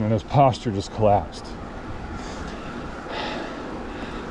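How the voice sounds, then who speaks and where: A man's voice: on the high side, big pitch swings, normal speed, pauses often, mellow. A man casually telling a road story in a rambling, profane, amused way, recorded outdoors by a road. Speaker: cycling vlogger. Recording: clear outdoor traffic noise.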